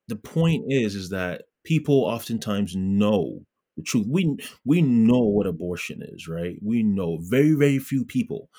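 Speaking slowly in a fairly low, mellow, expressive voice, this Ghanaian pro-life blogger is a guest in a casual interview. He comes across as earnest, often using fillers and starting over.

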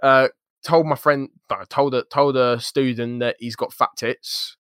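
Lively young man telling stories. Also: a little slow, smooth, no room sound, studio quality. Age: young adult. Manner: lively, jokey, slangy storytelling with swings in pitch. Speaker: podcast co-host. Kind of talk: casual storytelling chat.

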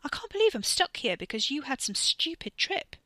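A woman voicing a sharp, exasperated teenage girl, her voice pitched high and bright. Recorded close and dry. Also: sing-song, brisk, dry recording, heavily acted.

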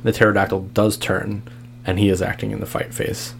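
A man's voice: on the low side, level tone, brisk, gravelly, background noise. A man narrating as game master for a tabletop game, in a laid-back way and laughing easily.

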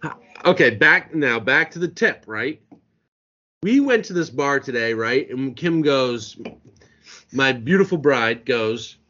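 A man from Maine with a New England accent tells a story with a lot of pitch movement. He co-hosts a casual sports podcast and swears freely. The audio is dull and lo-fi. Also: lively intonation, measured pace, bright, forceful tone. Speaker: podcast co-host.

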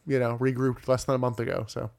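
A man's voice: mid-range voice, level tone, quick pace, gravelly, darkish tone. A man co-hosting a casual podcast, recapping wrestling matches play by play with wry asides. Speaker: podcast co-host.

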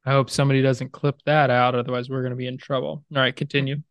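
A man's voice: medium pitch, flat delivery, fast talker, clean tone, no echo. A man co-hosting a podcast in casual chat. He jokes at his own expense and steers the conversation along. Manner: joking, self-deprecating, steers the conversation. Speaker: podcast co-host.

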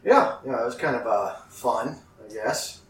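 A man's voice: mid-range voice, a little slow, recorded from a distance. A man hosting a loose, joking podcast, swearing casually as he talks with his friends. His voice comes from a bit away from the mic, with a roomy echo. A faint hiss sits under it. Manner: joking, swearing, mock newscaster bits. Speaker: podcast host. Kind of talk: casual chat.

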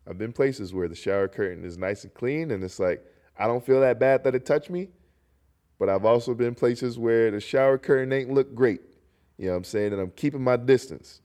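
A young North Carolina man hosts his own solo podcast in a mid-range voice, talking fairly quickly. Congested, he rambles through an animated, casual monologue packed with jokey asides.

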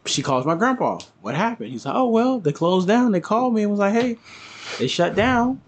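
A man tells a story on a casual podcast, switching into the voices of the people in it. His voice sits a little high and swings up and down with lively energy. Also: moderate pace. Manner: animated, acts out quotes of family. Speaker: podcast co-host.

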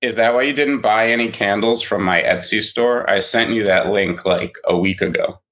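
A man's voice: fairly low pitch, normal speed, fairly bright tone. A man co-hosting a casual morning podcast, joking and teasing his co-host in banter.

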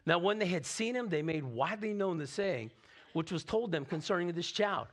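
Pastor guy preaching, kinda high voice, chatty and animated, keeps asking "right?". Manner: animated, conversational preaching with frequent "right?" asides. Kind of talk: sermon.

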